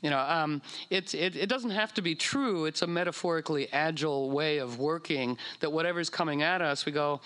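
A man giving a casual talk, animated and acting out quoted voices, with many fillers and restarts. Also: fairly high pitch, a little fast, hardly any pauses, clean tone. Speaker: speaker on astrology.

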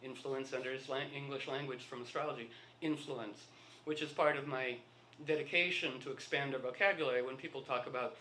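A man's voice: mid-range voice, steady tone, fairly quick, bright, forceful tone, a little hiss or hum. A man telling rambling anecdotes in a casual talk, acting out the dialogue of the people in his stories. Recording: echoey room.

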